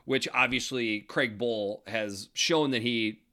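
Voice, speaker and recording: A man hosting a casual sports podcast with a bright, forceful voice. He walks through game times and betting lines in a chatty way. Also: medium pitch, slow. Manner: chatty, breaks down games with odds. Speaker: podcast host.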